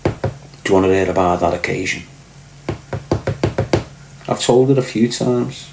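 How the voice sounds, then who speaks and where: A man's voice: low voice, measured pace, vocal fry, noisy background. A middle-aged man with a Liverpool accent, hosting a live stream and telling crude, boastful, profane stories while answering viewers by name. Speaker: livestream host. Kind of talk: crude casual storytelling to live chat. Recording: roomy echo.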